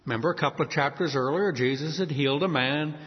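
A man preaching a sermon as pastor, lively, often acting out the voices of the people he quotes. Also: a little high, fast, long reverb tail, highs cut off.

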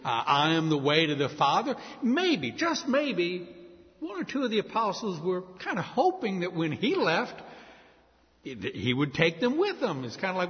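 A man's voice: fairly high pitch, big pitch swings, normal speed. A man preaching a sermon, teaching through a Bible passage verse by verse with conversational asides. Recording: echoey hall, dull lo-fi sound.

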